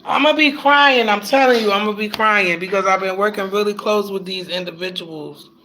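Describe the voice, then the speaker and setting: A man's voice: high voice, fairly even intonation, a little fast, pushed and bright, a little hiss or hum, low-quality recording. A man vlogging his emotional reaction, talking in a tearful, heartfelt way with casual slang.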